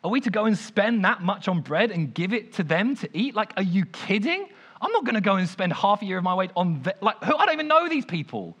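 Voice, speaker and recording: A man voicing frantic, exasperated male disciples, in a shrill, indignant tone. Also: fast talker, few pauses, a bit bright, highs cut off, natural voice. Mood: outraged.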